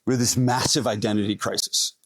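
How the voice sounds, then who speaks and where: A man giving an energetic conference talk as a gym owner and speaker, talking straight to the audience. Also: lowish voice, a little fast, no room sound. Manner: energetic, addresses the audience directly. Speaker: gym owner presenting at a fitness event. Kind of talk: live conference presentation. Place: event hall stage.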